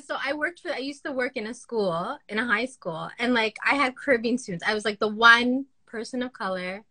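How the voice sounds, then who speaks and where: A young woman with a bright, fairly high voice tells stories on a casual panel. She talks in an animated, chatty way and acts out the other people in her stories. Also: a little fast. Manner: animated storytelling, acts out quoted voices, frequent "like" fillers. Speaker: writer and panelist.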